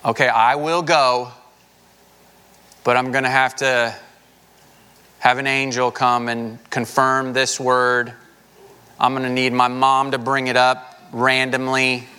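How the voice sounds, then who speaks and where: A man's voice: mid-range voice, level tone, slow pace, long pauses, sharp tone, smooth. A man, a pastor, giving a conversational sermon with a folksy, casual manner and frequent filler words.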